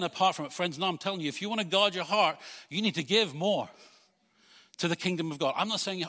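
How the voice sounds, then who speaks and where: A man preaching a sermon as pastor, putting rhetorical questions to his congregation and swinging between loud urging and quiet earnestness. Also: high-pitched, fairly quick, in a large hall.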